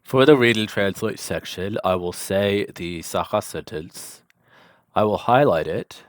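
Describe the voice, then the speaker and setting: A man's voice: on the low side, unhurried, dry recording, studio quality. A man teaching a language lesson in a casual, chatty way, enunciating carefully and dropping offhand asides. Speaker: language tutor.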